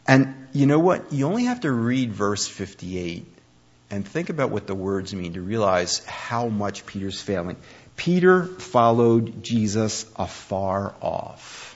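Male preacher, low husky voice, animated storytelling delivery, muffled lo-fi recording. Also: unhurried. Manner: animated storytelling, acts out quoted speech. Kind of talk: conversational sermon. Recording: dull lo-fi recording.

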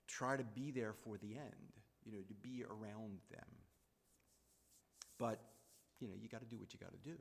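A man telling a personal story in a reflective, halting way, repeating phrases as he goes. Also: medium pitch, vocal fry, in a large hall.

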